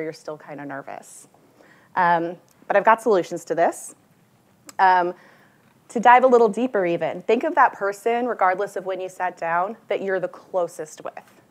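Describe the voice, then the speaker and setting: Woman presenter, lowish voice, chatty, lots of ums, talks straight to the audience. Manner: casual and conversational, with many fillers and restarts, addressing the room. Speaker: forum presenter.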